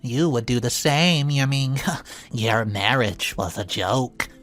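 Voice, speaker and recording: A man's voice: mid-range voice, slow, fairly bright tone, soft background music. A man voicing a scheming older mother-in-law who talks in an evasive, sneering way.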